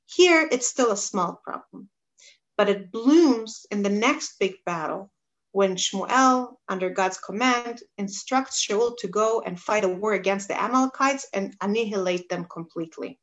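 A woman's voice: medium pitch, unhurried, a bit bright. Woman, Bible teacher, explains scripture, mid-range voice. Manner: reads scripture aloud, then explains it. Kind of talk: text study lesson.

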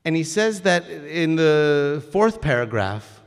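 An earnest man teaching a religious lesson, pressing his points with emphasis and frequent restarts. His voice sits slightly high for a man and echoes with a long reverb tail from a large hall. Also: very animated, slow pace, vocal fry, clean tone. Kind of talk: Torah lesson with stories.

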